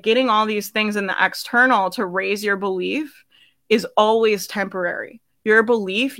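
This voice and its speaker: A young adult woman coaching her audience live, with a bright, forceful tone. She talks in a chatty, upbeat way, full of "like" and "right?" and quick laughs. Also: mid-range voice. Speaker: business coach.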